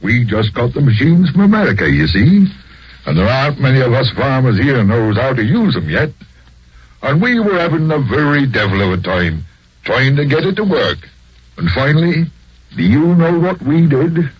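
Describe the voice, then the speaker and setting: A man's voice: medium pitch, moderate pace, slightly rough. A man playing a folksy, talkative farmer in a 1940s radio drama, on a dull old recording. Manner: folksy, storytelling, lively. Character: talkative older English farmer.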